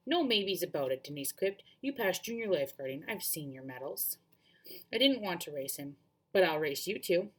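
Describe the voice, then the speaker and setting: A woman teacher reading a novel aloud to students, expressive and often correcting herself mid-sentence. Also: on the low side.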